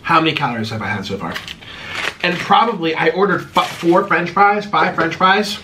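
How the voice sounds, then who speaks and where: His intonation is lively and his pace normal, though he's far from the mic against a noisy background. The man, in his thirties, hosts an at-home eating video, responding to viewer questions with sarcasm and theatrics while his pitch swings between high and low.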